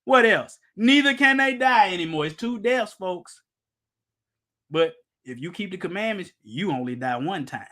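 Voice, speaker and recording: Man, preacher, high-pitched, emphatic, rhetorical questions, casual sermon. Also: animated, normal speed, pushed and bright. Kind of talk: informal Bible-teaching sermon.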